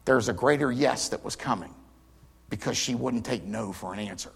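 A man preaching a sermon, retelling scripture stories dramatically and voicing the people in them, swinging from loud cries to near whispers. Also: medium pitch, moderate pace, gravelly, breathy edge. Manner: dramatic storytelling, acting out quotes with big swings in volume.

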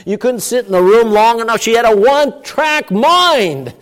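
A man preaching a sermon with emphatic delivery, moving between loud, stressed words and hushed asides. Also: very high voice, animated, normal speed. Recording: long church-hall reverb.

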